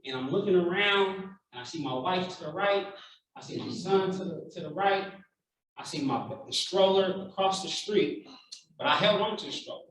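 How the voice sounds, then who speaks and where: Bright-voiced man telling a heartfelt story in an echoey hall. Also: sits high, moderate pace, recorded from a distance. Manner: heartfelt, animated storytelling with acted-out quotes. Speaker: keynote speaker. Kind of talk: personal storytelling keynote speech. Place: large conference room.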